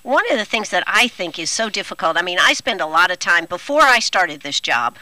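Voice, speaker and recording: A woman's voice: fairly low pitch, lively intonation, brisk, pushed and bright, no echo, rough recording. A woman hosting a local radio show, chatty and upbeat as she interviews a guest. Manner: chatty, upbeat, laughs often. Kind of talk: casual radio interview chat.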